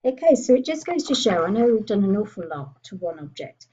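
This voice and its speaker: A woman giving a chatty software tutorial, thinking aloud as she clicks through menus. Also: mid-range voice, sing-song, a little fast, husky, lo-fi sound. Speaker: computer skills tutor. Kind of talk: screen-recorded software tutorial.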